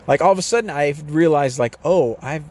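A man's voice: fairly high pitch, lively intonation, fast talker. A man ranting urgently in a casual, rambling way, swearing often and circling back to repeat his points. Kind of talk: casual rant to camera.

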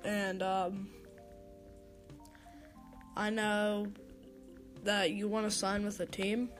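A young woman giving her opinions on sports in a casual, unscripted monologue. She talks slowly in a flat, even voice and stumbles over her words with fillers and restarts. Faint music plays behind her. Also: mid-range voice. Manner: hesitant, many fillers and restarts. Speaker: sports talk host.

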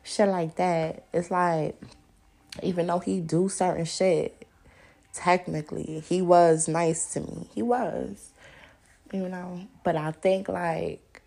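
Female podcast host, blunt and profane, animated storyteller; husky, lower voice. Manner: blunt and profane, laughing often. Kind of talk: casual monologue.

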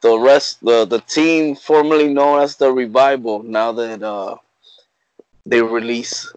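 A man's voice: medium pitch, steady tone, clean tone, no room sound. A man chatting casually on a podcast, often losing his words and trailing off. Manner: halting, loses his words. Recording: dull lo-fi sound.

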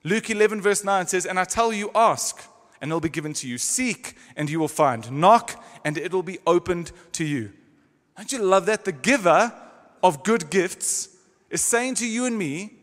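A man preaching a sermon in a church, stressing words by slowing down and changing his volume. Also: high voice, expressive, a bit bright. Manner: emphatic, varies pace and volume for stress. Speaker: pastor. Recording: long hall reverb.

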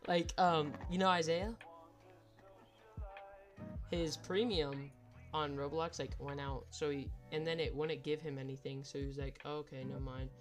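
A man's voice: fairly high pitch, steady tone, normal speed, soft background music. A young man hosting a casual streamed podcast with friends, rambling with lots of fillers and frequent laughs. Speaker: podcast host. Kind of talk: casual chat while streaming.

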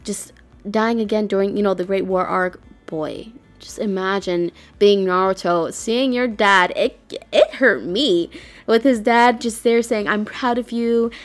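A woman's voice: medium pitch, measured pace, faint music behind. A woman hosting a casual chat, talking in emotional, rambling bursts. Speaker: podcast host.

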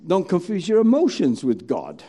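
A man's voice: high voice, wildly swooping pitch, normal speed, mellow. A man preaching a sermon, telling a story and acting out its scenes dramatically.

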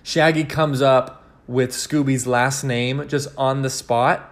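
A man's voice: mid-range voice, steady tone, slow. A young man hosting a casual solo podcast, rambling and cursing with many restarts as he rants animatedly. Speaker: podcast host.

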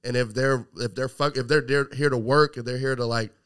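Man, podcast host, rambling casual talk, smooth clear voice, mid pitch. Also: steady tone, a little fast, fairly bright tone. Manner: rambling, filler-heavy, full of praise.

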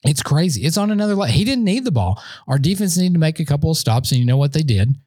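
Male sports podcast host, boastful and excitable, mellow slightly high voice. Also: quick pace, dry recording. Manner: excitable, boastful fan banter. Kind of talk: solo sports podcast rant. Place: indoor room, standing.

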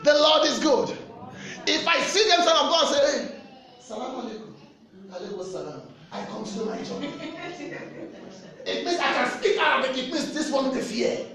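A Nigerian man preaching a sermon with fervent, animated delivery and shouted refrains. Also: very high-pitched, moderate pace, reverberant, a crowd in the background.

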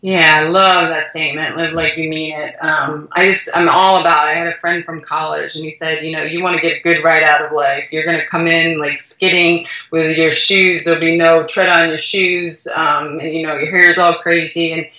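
Woman, business founder, animated storyteller, bright voice, distant mic in an echoey office. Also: low-pitched, moderate pace, few pauses. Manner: lively storyteller, acts out voices, frequent "like" fillers. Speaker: food company founder, guest. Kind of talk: storytelling in a conversational interview. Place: her office. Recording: echoey room, voice far from mic.

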